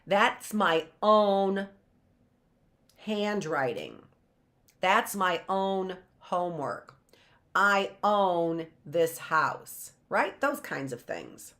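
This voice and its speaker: Middle-aged woman, teacher, slow and lively phonics drill with repeated words, lowish voice. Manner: sounds out words slowly, repeating them, with playful asides. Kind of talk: phonics lesson for live online class.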